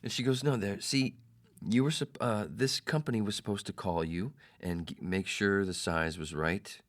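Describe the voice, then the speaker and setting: A man hosting a podcast, telling a personal story in a casual, animated way and putting on the voices of the people in it. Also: lowish voice, normal speed. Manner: animated, mimics others in quoted lines. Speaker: podcast host.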